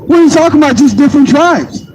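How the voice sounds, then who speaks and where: A man's voice: very high voice, expressive, quick pace. A man preaching on a city street, insistent and combative, repeating his points into a handheld phone. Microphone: handheld phone mic. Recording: phone recording with street traffic noise.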